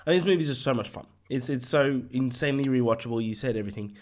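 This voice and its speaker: An Australian man with a middle-pitched voice co-hosting a film podcast. He talks in a keen, casual way and steers the segments along, and his voice sounds a little worn. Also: very fast, a little mellow. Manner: enthusiastic, runs the show segments. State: voice going hoarse. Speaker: podcast co-host. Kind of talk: casual chat.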